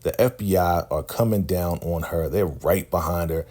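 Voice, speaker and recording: A man casually recapping a TV episode in a slangy, animated way, often checking in with "right?". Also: sits low, moderate pace. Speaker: show recap host.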